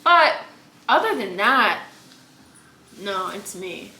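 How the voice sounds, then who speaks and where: A woman's voice: medium pitch, sing-song, slow, sharp tone. A young woman from Virginia, a podcast guest talking candidly and emphatically, with frequent likes and repeated phrases. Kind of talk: candid conversational interview. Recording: echoey room with faint noise.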